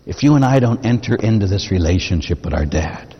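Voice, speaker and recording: A man's voice: lowish voice, big pitch swings, normal speed, darkish tone, slightly rough. A man preaching a sermon as a Catholic priest, talking conversationally and posing rhetorical questions to the congregation. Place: church. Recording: long reverb of a church.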